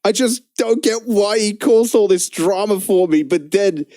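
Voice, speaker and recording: A man's voice: high voice, warm tone, no room sound, voice pushed up. A man mimicking a whiny aggrieved young man. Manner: slow, wounded and plaintive.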